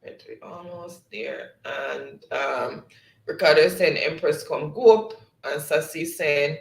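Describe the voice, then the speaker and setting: Slow, gravelly-voiced Jamaican host. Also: male voice, fairly high pitch, roomy sound, poor audio. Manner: reads chat messages aloud, laughs often. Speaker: live-stream host reading chat. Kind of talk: casual live-stream quiz hosting.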